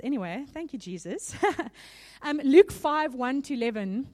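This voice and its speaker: Woman preacher, kinda higher voice, chatty sermon w little laughs, bit nervous. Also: lively intonation, moderate pace. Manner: warm laughing asides, conversational.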